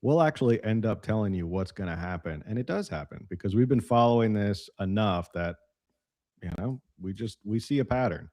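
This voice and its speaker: Low-voiced man hosting a political talk show. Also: lively intonation, fairly quick, mellow, no room sound, studio quality. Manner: joking, sarcastic, lots of fillers. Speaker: host. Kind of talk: casual political news chat.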